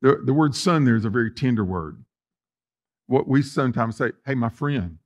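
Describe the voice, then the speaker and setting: A male pastor, preaching a sermon in a folksy way, talking straight to the congregation and swinging between loud emphasis and soft asides. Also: mid-range voice, lively intonation, moderate pace, highs cut off.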